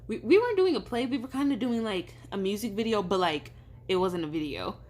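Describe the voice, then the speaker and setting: A woman's voice: mid-range voice, expressive, fairly quick, a little mellow. A woman telling a personal story in casual vlog chat, rambling with lots of fillers and acting out what people said. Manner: rambling, filler-heavy, acts out quoted dialogue.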